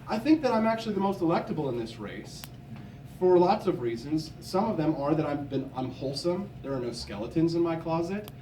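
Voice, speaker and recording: A young adult political candidate from Missouri, USA, gives a combative campaign stump speech in a fairly high voice that's soft and mellow rather than bright. Standing well back from the mic, he's heard from a distance in an echoey convention hall, with slight background noise.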